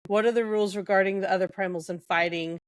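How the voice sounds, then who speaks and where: A woman's voice: medium pitch, fairly even intonation, fast talker, dry recording. A young adult woman co-hosting a podcast, retelling book scenes casually with quoted dialogue and lots of fillers. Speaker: podcast co-host.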